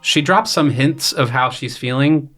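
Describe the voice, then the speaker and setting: Faint music plays behind this medium-pitched young man, who speaks at a measured pace. He's a grad student composer casually describing his opera on a podcast, full of fillers and loosely paraphrased quotes.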